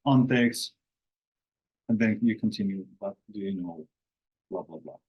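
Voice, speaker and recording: A Finnish-speaking man hosting a casual language lesson, explaining phrases slowly with lots of fillers and thinking aloud. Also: fairly low pitch, animated, vocal fry, breathy edge, dull audio. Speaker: language course host.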